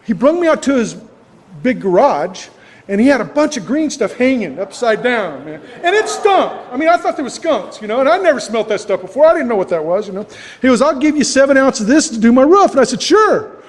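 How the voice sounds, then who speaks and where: A man with a fairly high voice tells his recovery story in a loose, folksy ramble, laughing at himself along the way. His voice rings out in a club meeting hall with a long reverb. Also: sing-song, brisk. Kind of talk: personal recovery story talk.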